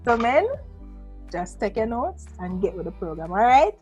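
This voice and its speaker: A woman co-hosting a casual panel discussion, talking in a lively, playful and emphatic way. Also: a little high, normal speed, slightly rough, highs cut off, faint music behind. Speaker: co-host.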